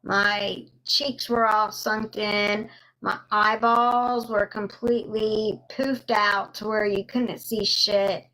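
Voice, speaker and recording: A young woman telling a personal story on a live stream, slow and halting with many pauses and fillers, stopping now and then to thank viewers. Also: medium pitch, level tone, sharp tone, rough recording.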